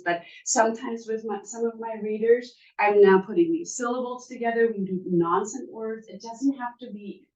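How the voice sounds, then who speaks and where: Woman, teacher, parent workshop, sounds out syllables slowly, echoey room, muffled. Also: mid-range voice, darkish tone, distant mic. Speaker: first grade teacher.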